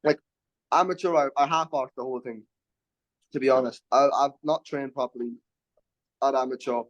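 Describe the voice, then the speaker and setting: A man's voice: mid-range voice, fairly even intonation, dull audio. A young man, an MMA fighter talking confidently in a casual interview, often restarting his words. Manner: brash and confident, quick restarts.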